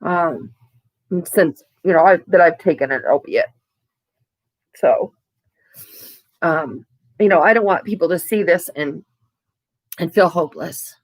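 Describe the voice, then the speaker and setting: A woman vlogger speaking candidly and haltingly about her own recovery, with frequent restarts. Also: lowish voice, no room sound. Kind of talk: candid, emotional to-camera talk.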